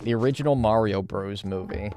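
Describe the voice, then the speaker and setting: A man's voice: on the low side, brisk, darkish tone, faint music behind. A man streaming a game, reading chat aloud and riffing on it with casual swearing.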